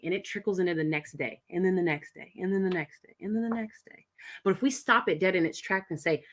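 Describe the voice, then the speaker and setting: A woman guest giving an energetic, emphatic motivational pep talk. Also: medium pitch, fairly quick. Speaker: guest coach.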